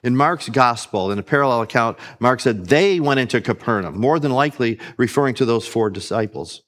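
A male preacher works through a scripture passage line by line. He reads the verses aloud, then explains them in a slow, deliberate teaching voice at an ordinary middle pitch. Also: animated, a bit bright. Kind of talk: expository sermon.

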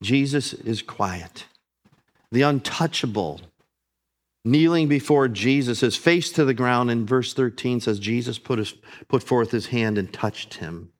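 A man preaching a sermon, earnest, rising on emphasis and dropping soft and low on solemn lines. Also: unhurried.

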